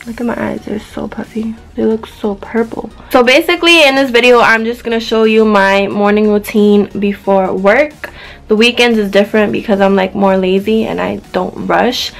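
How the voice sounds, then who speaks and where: A woman's voice: mid-range voice, gravelly, rough recording. A young woman chatting casually through a get-ready-with-me morning vlog in her bedroom, rambling with lots of "like", still groggy with her morning voice. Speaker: vlogger. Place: bright bedroom.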